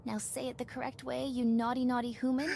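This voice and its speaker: A woman's synthetic text-to-speech voice reading viewer messages in a flat, repetitive way. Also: high voice, a little fast, vocal fry. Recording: noisy, distant computer voice.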